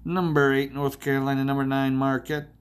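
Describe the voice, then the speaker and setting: A man alone at the mic, rambling through his sports picks in a casual solo podcast. He talks to himself, cracks small jokes and swears freely, in a voice of ordinary middle pitch. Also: level tone, a little fast, clean tone. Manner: rambling, self-talking, jokey and profane. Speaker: podcast host.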